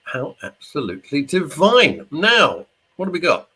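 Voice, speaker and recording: A man's voice: a little high, wildly swooping pitch, measured pace, bright, forceful tone, husky. A middle-aged man hosting a radio show, chatting casually and jokingly while reading out listener messages. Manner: chatty, jokey, rambling. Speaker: radio host. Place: studio.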